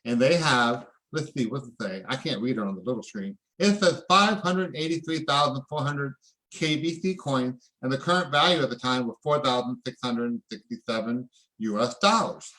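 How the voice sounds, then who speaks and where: A man presenting at a live online event, excitable and preachy, calling on viewers to answer in the chat. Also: medium pitch, moderate pace. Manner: excitable, preachy, calls for audience responses.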